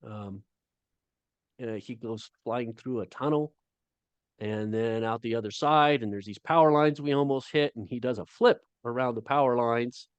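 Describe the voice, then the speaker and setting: A middle-aged man, a guest author, talking casually on a video call, halting often with fillers. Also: mid-range voice, clean tone, no echo, highs cut off. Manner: halting storytelling with many fillers.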